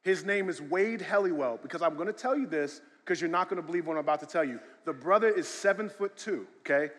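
Male pastor, sermon delivery, shouts and hushes, long echo around him. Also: fairly high pitch, lively intonation, quick pace. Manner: swings from loud shouted emphasis to quiet storytelling. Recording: long hall reverb.

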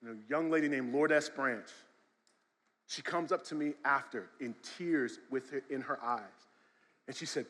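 A male pastor preaching a sermon, swinging from shouted emphasis to quiet storytelling. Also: mid-range voice, a little slow. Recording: long hall reverb.

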